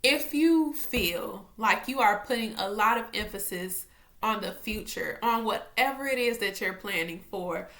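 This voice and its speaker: A young woman, talking to camera at home about faith in a chatty, animated way. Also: medium pitch, unhurried. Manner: animated, excitable, chatty, talks straight to viewers. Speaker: faith vlogger. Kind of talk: casual faith talk to camera.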